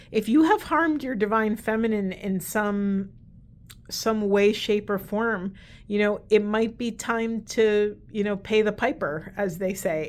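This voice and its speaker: A woman giving an earnest, meandering spiritual card reading, speaking gently and getting emotional at times. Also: mid-range voice. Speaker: tarot and oracle card reader.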